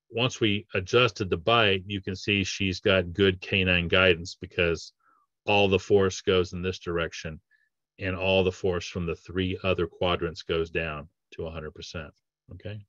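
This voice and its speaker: Flat and measured, a man's low, slightly bright voice walks through patient cases in a casual dentist's training webinar, conversational and full of fillers and restarts. The recording has no echo, but the highs are cut off.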